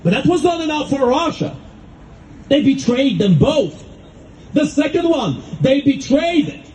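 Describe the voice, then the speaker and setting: Fervent high-voiced man giving a speech. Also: big pitch swings, darkish tone, slight background noise, poor audio. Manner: fervent, rhetorical, emphatic with dramatic pauses. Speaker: speaker at a rally. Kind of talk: impassioned public speech.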